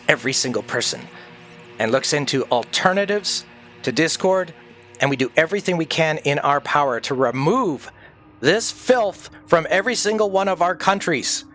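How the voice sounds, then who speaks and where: An older man on a livestream, ranting intensely in an emphatic monologue, repeating phrases for emphasis. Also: fairly high pitch. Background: faint dark ambient music.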